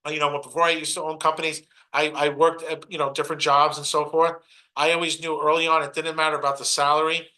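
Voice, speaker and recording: A middle-aged man from Brooklyn, giving a motivational stage talk in a preachy, punchy way and mocking other people's excuses in quick put-on asides. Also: a little high, little pitch movement, bright, forceful tone, poor audio. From Brooklyn, New York. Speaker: motivational speaker.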